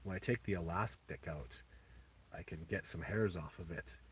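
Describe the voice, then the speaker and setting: Low-voiced man rambling on a livestream. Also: breathy edge. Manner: rambling, halting, with many restarts. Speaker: livestream host answering viewer questions. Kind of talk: casual live chat.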